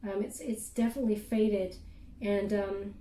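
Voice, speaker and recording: A woman giving a casual spoken tarot reading, thinking aloud in halting bursts between cards. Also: mid-range voice, steady tone, warm tone, a little hiss or hum. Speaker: tarot reader. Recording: roomy echo.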